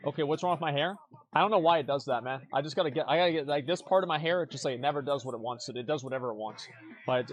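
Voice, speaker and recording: Streaming his reactions to forum posts, a young man with a fairly high-pitched voice offers casual commentary. He's blunt and mocking, curses freely, and keeps restarting sentences by repeating words.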